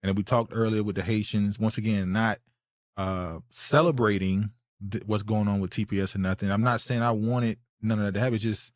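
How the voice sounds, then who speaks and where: A man from North Carolina with a toned-down Southern accent, co-hosting a casual podcast discussion. He talks in a loose, rambling way and deliberately slows his speech for the mic. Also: lowish voice, fairly even intonation. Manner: loose, digressive, frequent restarts. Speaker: podcast co-host.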